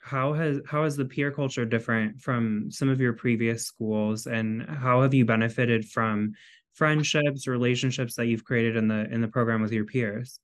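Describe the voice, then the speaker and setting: A man's voice: medium pitch, fairly even intonation, moderate pace. A man hosting an interview over a video call, asking questions in a friendly, conversational way. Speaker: interviewer host.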